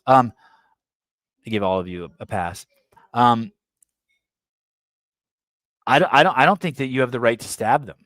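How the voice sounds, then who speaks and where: A man's voice: medium pitch, lively intonation, moderate pace, long pauses, fairly bright tone. A man raised in the San Francisco Bay Area hosts a podcast in a mid-range voice, recorded dry with no room echo. He reads a news story aloud and keeps breaking off into blunt, irreverent commentary. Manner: blunt, provocative, irreverent asides. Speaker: podcast host. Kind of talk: news commentary, reading an article aloud with asides.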